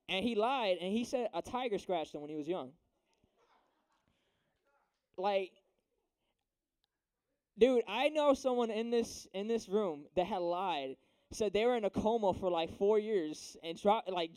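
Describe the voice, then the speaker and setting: A man's voice: high-pitched, measured pace, pauses often, a little mellow. Slangy young man preaching to teens. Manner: slangy, chatty, asks "right?" often. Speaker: youth preacher. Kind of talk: casual youth sermon.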